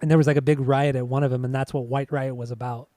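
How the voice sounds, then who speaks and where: Mellow-voiced male podcast co-host. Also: mid-range voice, level tone, fast, dry recording. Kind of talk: casual chat.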